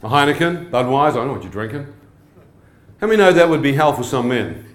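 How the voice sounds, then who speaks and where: A man preaching a testimony sermon, animated and questioning his listeners. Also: medium pitch, fast. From New Zealand. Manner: animated, asks the crowd questions. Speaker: evangelist. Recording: echoey hall.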